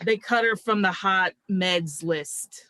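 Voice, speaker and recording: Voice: mid-range voice, slow pace, pushed and bright, low-quality recording. A non-actor voicing a gossipy female prison officer in an amateur live script reading over a video call, with hesitant, unpolished delivery. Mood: confiding. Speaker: script reader.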